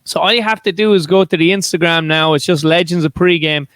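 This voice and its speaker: A man's voice: on the high side, quick pace, a bit bright, clean tone, dry recording. A man co-hosting a podcast, telling rambling stories with lots of laughter in casual banter. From small town. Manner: rambling storyteller, laughs often. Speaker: podcast co-host.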